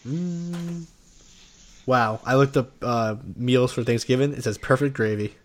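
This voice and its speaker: A podcast co-host with a medium-pitched voice banters casually with a friend, joking loudly and crudely at an unhurried pace and often trailing off mid-thought.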